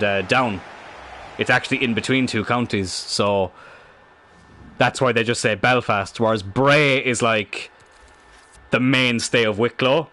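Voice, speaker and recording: A man's voice: fairly low pitch, bright, forceful tone, no echo. A young man with a Cork Irish accent, chatting casually while streaming a football game and correcting himself as he goes. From Ireland. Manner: rambling, self-correcting. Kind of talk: casual gaming stream chat.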